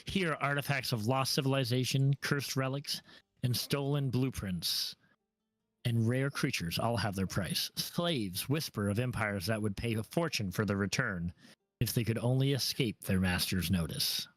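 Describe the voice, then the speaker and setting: A man at an average pitch narrating a tabletop fantasy session as game master. His descriptive delivery is laid-back and scene-setting, and the sound is dry and close to the mic. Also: moderate pace, dry recording, poor audio. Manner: descriptive, relaxed with fillers.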